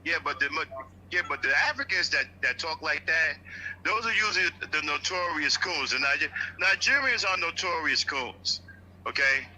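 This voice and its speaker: A man's voice: a little high, animated, normal speed, pushed and bright, rough recording. A man in a podcast discussion, talking bluntly and argumentatively with plenty of swearing. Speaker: podcast guest. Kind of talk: casual chat.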